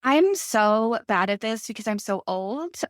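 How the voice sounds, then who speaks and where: A woman's voice: a little high, animated, a little slow, dry recording, studio quality. A woman author in her thirties, chatting casually in a podcast interview and telling stories with many "like" fillers. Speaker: author guest.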